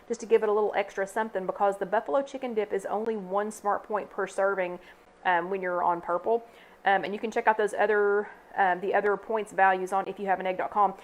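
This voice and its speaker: A woman's voice: mid-range voice, fairly even intonation, fairly quick. Chatty woman hosting a live cooking chat. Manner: chatty, upbeat, talks to viewers by name. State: hiccups. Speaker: host.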